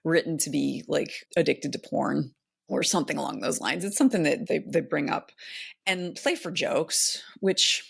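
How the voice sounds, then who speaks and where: A woman with a low, gravelly voice co-hosts a casual podcast. She talks in a loose, thoughtful ramble with lots of fillers and restarts. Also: moderate pace. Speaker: podcast co-host. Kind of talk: casual chat.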